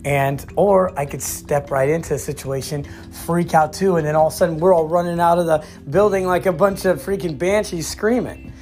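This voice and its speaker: Male vlogger, relaxed faith talk, emphatic and laughs easily, soft music bed. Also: a little high, normal speed. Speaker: Christian vlogger. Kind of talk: casual devotional talk.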